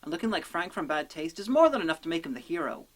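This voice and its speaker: Brief: a deadpan, profane woman narrating a comedic film review, slightly low-pitched. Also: quick pace, loud music behind the voice.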